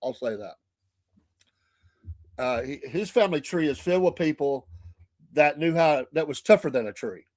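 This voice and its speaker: A man's voice: fairly high pitch, lively intonation, moderate pace, pauses often, a little mellow, dry recording, clean studio sound. A man with a Southern US accent hosting a morning talk show, chatting casually and laughing often between remarks. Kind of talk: casual chat.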